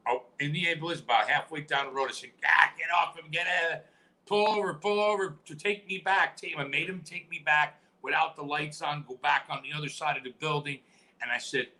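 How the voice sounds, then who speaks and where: A man's voice: a little high, poor audio. A middle-aged man, a retired professional wrestler, telling stories in an interview and acting out the dialogue and sound effects. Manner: animated, acts out quoted dialogue with sound effects. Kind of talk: storytelling interview.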